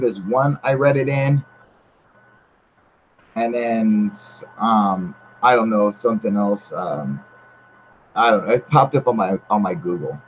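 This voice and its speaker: A man's voice: mid-range voice, darkish tone. A man hosting a casual livestream, chatting with viewers in a blunt, heavily profane, rambling way. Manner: rambling with many fillers. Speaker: channel host. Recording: slightly muffled with faint hiss.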